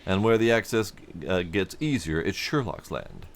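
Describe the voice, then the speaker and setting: A man's voice: sits low, animated, normal speed. A man voicing a friendly, chatty male bridge construction supervisor in a game, reading the lines in a raised, courteous, slightly theatrical voice.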